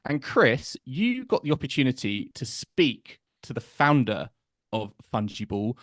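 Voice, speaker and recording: A man's voice: mid-range voice, big pitch swings, measured pace, no echo, clean studio sound. Easygoing man co-hosting a sports podcast. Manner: easygoing and self-deprecating, with fillers. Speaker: podcast co-host. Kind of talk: casual podcast chat and show links.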